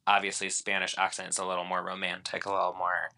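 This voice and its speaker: A man's voice: low-pitched, monotone, fast talker, vocal fry, pushed and bright. A man co-hosting a podcast, chatting in an easygoing way with frequent fillers. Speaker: podcast co-host. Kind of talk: casual chat.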